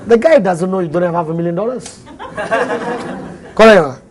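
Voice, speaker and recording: A man's voice: sits high, expressive, normal speed. A man with a Malaysian English accent giving a motivational seminar talk to a live audience, joking, acting out little dialogues and laughing often. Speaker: motivational speaker.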